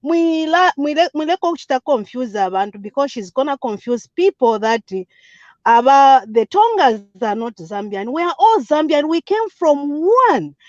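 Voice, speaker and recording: A high, lively woman speaks with emphatic, repetitive force, hopping between languages as she makes her point. Her voice comes through a dull, lo-fi line with a close, dry sound. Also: moderate pace, no room sound. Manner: code-switching, emphatic and repetitive. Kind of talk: impassioned political call-in comment.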